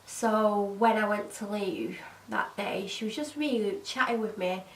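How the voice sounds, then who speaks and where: A woman's voice: mid-range voice, a little slow, reverberant, far from the mic, low-quality recording. A woman casually telling a story about her old job, acting out what each person said. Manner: animated retelling, voicing other people's lines. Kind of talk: casual story-time monologue.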